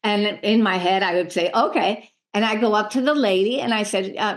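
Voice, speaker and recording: A middle-aged woman, a medium, telling lively stories in a podcast interview and acting out the voices of the people in them. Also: mid-range voice, brisk, hardly any pauses. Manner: animated, acts out voices in her stories. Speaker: medium and spiritual healer, guest.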